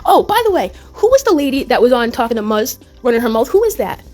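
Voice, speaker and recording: A woman's voice: fairly high pitch, sing-song, quick pace, a little mellow, soft background music. A woman hosting a casual livestream commentary, talking bluntly and animatedly, swearing and laughing often. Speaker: YouTube commentary host.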